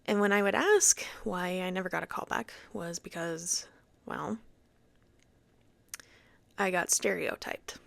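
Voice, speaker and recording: Chatty young woman with vocal fry. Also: lowish voice, a little slow, pauses often, no room sound. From Utah. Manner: chatty, animated, acts out quoted voices. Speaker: podcast host. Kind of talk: casual personal story.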